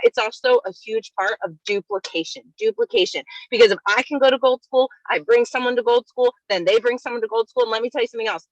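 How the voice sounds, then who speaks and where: A woman leading a network-marketing team, giving an energetic, upbeat recap and repeatedly addressing her listeners as "you guys.". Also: on the high side, dry recording, lo-fi sound.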